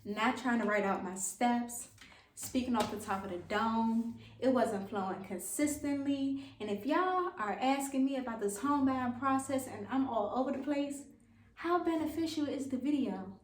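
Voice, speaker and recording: Chatty woman, high voice, echoey room. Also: normal speed, a little hiss or hum. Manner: chatty, informal, self-deprecating. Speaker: vlogger. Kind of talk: casual advice vlog. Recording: echoey room, mic at a distance.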